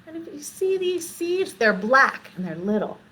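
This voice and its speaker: A high-pitched woman leading a children's storytime, her voice swooping up and down as she gasps and squeals for young listeners. She talks in an unhurried, singsong way, drawing out her words so little children can follow along. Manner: animated, exaggerated gasps and squeals. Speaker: children's librarian. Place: library.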